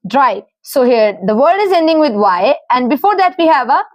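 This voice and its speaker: High-voiced Indian English woman teaching grammar. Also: sing-song, moderate pace, dry recording. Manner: patient, spells out letters and lists word forms. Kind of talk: explaining grammar rules.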